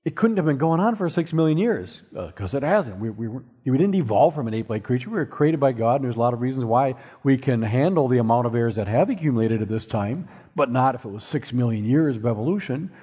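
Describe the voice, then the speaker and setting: A husky-voiced middle-aged man speaks to an audience, walking listeners through his points with homely analogies and the odd dry joke. His voice rings out with a long reverb tail from a large hall. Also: medium pitch, lively intonation, fast talker, few pauses, mellow. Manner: explains with everyday analogies and wry asides. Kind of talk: presentation to an audience.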